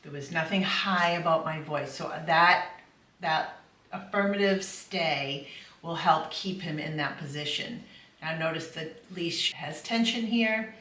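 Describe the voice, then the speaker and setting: A middle-aged woman dog trainer explaining puppy training in a calm, affirming voice. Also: low-pitched, unhurried. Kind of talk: instructional voice-over. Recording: echoey room, from far off, faint noise.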